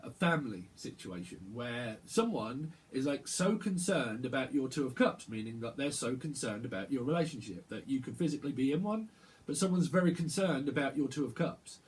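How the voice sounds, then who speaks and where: A man giving a channeled tarot reading, rambling and halting, often repeating words as he picks up messages. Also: medium pitch, darkish tone. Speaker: tarot reader.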